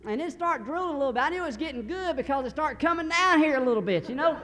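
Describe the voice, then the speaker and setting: Guy preaching, folksy and earnest, kinda high voice, big echoey hall with a low rumble. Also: expressive, pushed and bright. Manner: folksy, earnest, halting restarts. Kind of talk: sermon storytelling.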